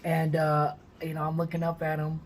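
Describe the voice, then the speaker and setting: A man in his thirties from the Sacramento area of California, casually telling a personal story with lots of fillers and lively quoted dialogue. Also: a little high, moderate pace, a little hiss or hum. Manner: rambling, heavy on fillers, lively when quoting others. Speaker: vlogger.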